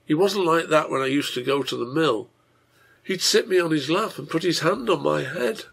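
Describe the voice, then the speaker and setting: A severe, reproachful wife speaks with weight, as a man puts her on. Her words come through a husky, gravelly voice, and she never raises her tone into shrillness. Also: mid-range voice, normal speed, a bit bright. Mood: grieving. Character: stern grown woman, the innkeeper's wife.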